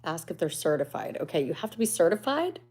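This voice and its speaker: A woman's voice: lowish voice, very animated, fast, darkish tone, breathy edge. A woman hosting a casual livestream, chatting candidly and laughing often. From United States. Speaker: livestream host.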